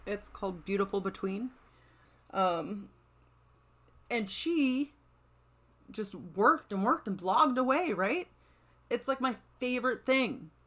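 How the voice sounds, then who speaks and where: A woman's voice: a little high, fairly bright tone. A woman hosting a solo motivational podcast, talking in an upbeat, encouraging, chatty way and often checking in with "right?". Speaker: podcast host.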